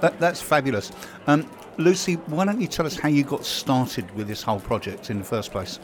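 A man's voice: medium pitch, moderate pace. A man hosting a casual interview, chatty and enthusiastic, talking into a handheld microphone. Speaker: host. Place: trade show hall. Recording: busy crowd chatter behind.

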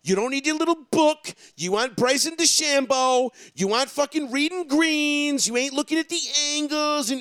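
A young man ranting loudly and crudely in a casual profane chat, mocking the people he complains about. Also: extremely high pitch, moderate pace, few pauses, no echo.

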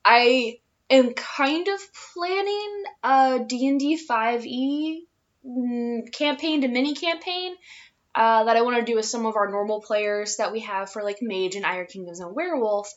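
A woman's voice: on the high side, measured pace, dull audio. Rambling woman in her twenties. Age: 20s. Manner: rambling, many fillers, laughs easily. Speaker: player and podcast co-host. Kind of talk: casual podcast chat.

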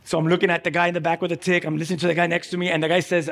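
A man preaching a sermon, emphatic and energetic, telling a story with lively quoted voices. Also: fairly high pitch, racing, creaky, big-room sound. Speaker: pastor.

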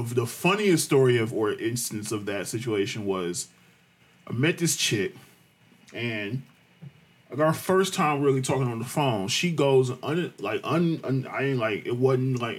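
A man telling a profane, animated story in casual chat, acting out the people he quotes. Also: mid-range voice, husky.

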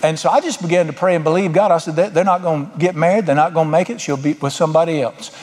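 A man's voice: fairly high pitch, steady tone, fast, darkish tone. A middle-aged man preaching a sermon as pastor, folksy, with emphatic bursts. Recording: long hall reverb.

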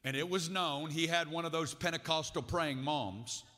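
A man's voice: on the high side, normal speed, pushed and bright. A man in his forties with an Arkansas accent, telling his testimony as a guest preacher in folksy storytelling style with frequent asides. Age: 40s. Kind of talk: sermon testimony. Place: large conference hall. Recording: reverberant hall.

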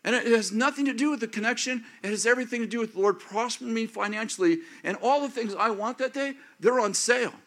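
A man of fifty or older preaching a sermon as pastor, acting out prayers and inner thoughts in an animated way. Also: extremely high pitch, quick pace, few pauses. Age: 50s or older.

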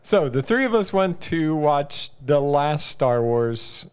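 Smooth-voiced laughing podcast host man. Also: fairly high pitch, animated, slow pace. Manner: laughs often while telling stories. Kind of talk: casual chat.

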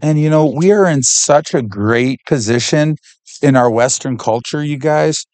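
A man with a warm, mellow voice talks as a podcast guest, earnestly encouraging young listeners in their faith. He speaks reflectively, pausing on small fillers as he gathers his thoughts. The recording is close and dry, with no room sound. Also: on the high side, dry recording. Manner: reflective, sincere, with frequent fillers.

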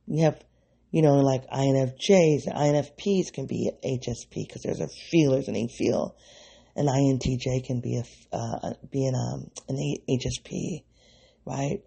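A man's voice: medium pitch, creaky, warm tone, slightly rough. A man hosting his own podcast, thinking aloud in a rambling, self-interrupting way and speaking straight to his listeners. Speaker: podcast host. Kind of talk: reflective solo podcast monologue.

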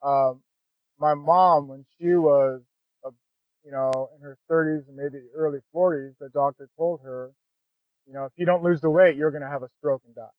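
A man's voice: on the high side, fairly even intonation, moderate pace, no echo. A man as a podcast guest, telling his own story in a candid, conversational way and often adding "man" and "you know". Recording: dry, phone-like narrow sound.

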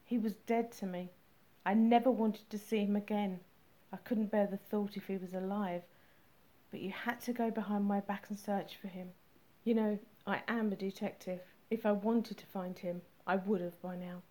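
A woman's voice: medium pitch, fairly even intonation, warm tone, lightly acted. Woman voicing a bitter, grieving male detective. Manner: slow, measured, bitter. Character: troubled man, angry and grieving detective. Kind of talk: audiobook character reading.

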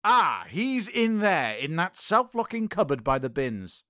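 A man performing a scripted comedy sketch in an excitable, fussy way. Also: a little high, unhurried, very noisy. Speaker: comedy podcast regular.

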